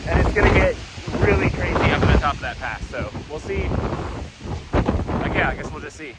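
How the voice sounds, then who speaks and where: A man's voice: on the high side, animated, fairly quick. A man talking casually to his camera while hiking outdoors on a mountain trail, rambling with plenty of "like" fillers. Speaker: thru-hiker vlogger. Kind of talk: casual trail vlog narration. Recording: loud wind noise buffeting the mic. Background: strong wind.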